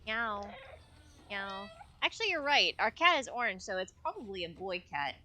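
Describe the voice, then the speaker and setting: A woman's voice: medium pitch, big pitch swings, quick pace, pushed and bright, slight background noise. A woman streaming a game live, chatting playfully with viewers and meowing along as she plays. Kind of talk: live gameplay commentary. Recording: game music clearly behind voice. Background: game soundtrack music.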